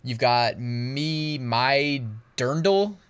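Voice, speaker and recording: A man's voice: mid-range voice, expressive, very slow, a bit bright, clear, resonant tone. A man hosting an online business channel, talking through screen research in a chatty way, laughing at himself and thinking aloud. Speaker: host.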